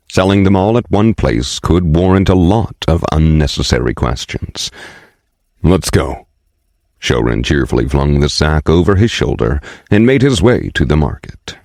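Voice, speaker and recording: A man narrating an audiobook fantasy story in a steady, measured way on a close studio mic. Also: a bass voice, no echo.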